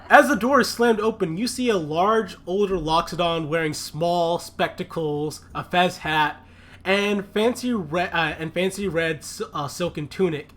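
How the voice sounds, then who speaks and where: A man narrating a tabletop game as game master, telling the story in a lively, animated way. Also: high voice.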